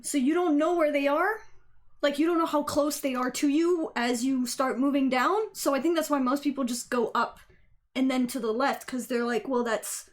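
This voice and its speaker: High-voiced excitable woman game streamer. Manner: excitable, swears freely. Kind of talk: casual live-stream commentary.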